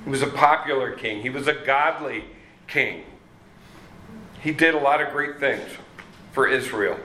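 A man preaching a sermon, slow and halting with many fillers and restarts. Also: mid-range voice, pushed and bright, echoey room, slight background noise, poor audio. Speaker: pastor.

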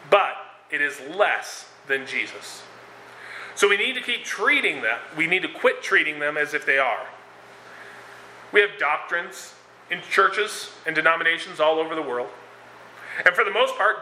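Bright-voiced man preaching in an echoey room. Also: a little high, slight background noise. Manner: conversational, with frequent fillers and restarts. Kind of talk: sermon.

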